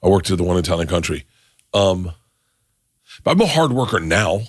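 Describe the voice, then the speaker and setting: A man's voice: sits low, moderate pace, dry recording, studio quality. A middle-aged man hosting a podcast, telling stories casually and acting out both sides of conversations. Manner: animated storyteller, acts out both sides of phone calls. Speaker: podcast host. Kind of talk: casual storytelling chat.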